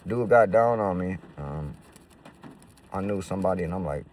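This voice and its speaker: A man's voice: sits low, lively intonation, normal speed, darkish tone, recorded from a distance, slight background noise. A man casually telling stories to camera in profane, slangy street talk full of fillers. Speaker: roofing business owner.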